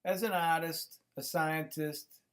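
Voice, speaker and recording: Middle-aged guy hosting his own channel, voice a bit high, loose rambling monologue full of ums. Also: fairly even intonation, slow pace, a bit bright. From United States. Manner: rambling, many fillers and restarts. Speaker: YouTube channel host. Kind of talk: casual monologue to camera. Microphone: computer microphone.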